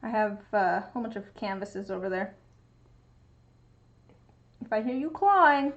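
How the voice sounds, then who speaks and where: This young woman's livestream is relaxed chatter with her audience, delivered at normal speed in a medium-pitched voice with lively intonation. She switches to a baby voice to coo at her cat, all through muffled, lo-fi audio.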